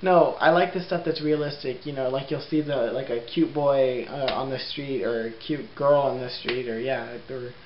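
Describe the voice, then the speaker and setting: A man's voice: mid-range voice, steady tone, normal speed, hardly any pauses. Chatty young man, roomy lo-fi vlog. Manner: chatty and rambling, laughs often, many ums. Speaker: vlogger. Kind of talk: casual rambling vlog. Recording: roomy, dull lo-fi sound with faint hiss.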